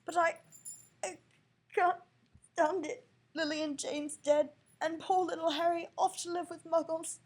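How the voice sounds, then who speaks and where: Brief: woman reader voicing a gruff kindly giant, loud, tearful, on the brink of crying. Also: on the low side, quick pace, natural voice. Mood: sobbing. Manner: tearful, sobbing, loud and pleading. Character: huge gruff kindly male giant groundskeeper. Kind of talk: audiobook-style reading.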